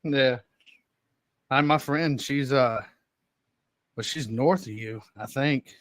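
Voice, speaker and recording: A man's voice: mid-range voice, slow pace, fairly bright tone, no room sound. A man with a Southern Georgia accent, co-hosting a podcast in casual chat, rambling through stories and laughing often. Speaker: podcast co-host.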